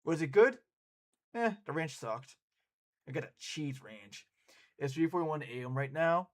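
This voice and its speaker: A man streaming and chatting casually with his viewers, excitable and quick to laugh and swear. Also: a little high. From United States.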